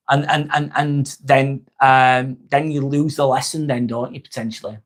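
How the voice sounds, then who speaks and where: Male host in his 40s, slightly high-pitched, blunt and sweary, casual live-stream chat. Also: normal speed, hardly any pauses. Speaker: livestream host.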